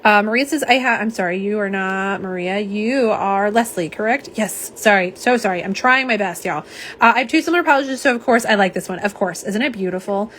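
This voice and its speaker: A nail polish livestream host talks fairly quickly in a mid-range, slightly bright voice as she unboxes and swatches polish live. She chats casually and reads viewer comments aloud, with a little hiss or hum in the background.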